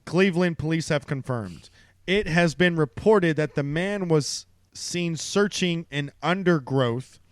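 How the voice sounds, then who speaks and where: Smooth, higher-voiced man reading news. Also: measured pace, dry recording, studio quality. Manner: laughs often and breaks off to mock the article's writing. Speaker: podcast co-host. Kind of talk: casual chat, reading a news story aloud.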